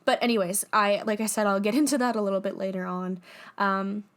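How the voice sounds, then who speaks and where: A woman's voice: medium pitch, steady tone, brisk. A young woman hosting her own podcast, talking casually and candidly, laughing often and swearing freely. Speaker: podcast host. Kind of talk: casual personal monologue.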